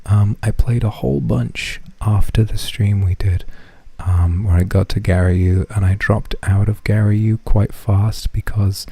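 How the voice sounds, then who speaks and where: A man chatting on his stream, keeping to a hushed half-whisper. His low voice is gravelly and husky, and his talk is rambling, profane and self-deprecating. He sounds dry and close-up. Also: steady tone, a little slow, few pauses, no echo. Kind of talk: casual chat stream.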